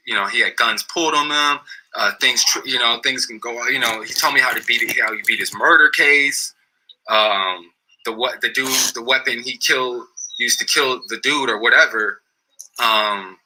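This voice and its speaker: Guest, male, husky and intense, casual slang-heavy storyteller, lots of restarts. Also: mid-range voice, bright, forceful tone, rough recording.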